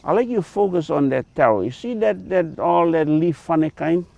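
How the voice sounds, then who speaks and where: Lively Hawaiian Pidgin-speaking man. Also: on the high side, moderate pace, vocal fry, lo-fi sound. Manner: folksy, emphatic, mixes in Hawaiian words. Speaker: farmer. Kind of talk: outdoor teaching talk. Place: outdoors on a taro farm.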